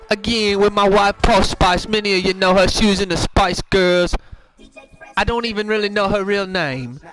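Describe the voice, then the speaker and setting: A man's voice: high-pitched, a bit bright. A man doing a goofy impression of a rambling British celebrity footballer in a put-on accent that drifts from Cockney to Liverpool. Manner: rambling, goofy, self-correcting. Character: mock celebrity footballer hosting a pre-show, rambling and silly. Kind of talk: comedic impression monologue.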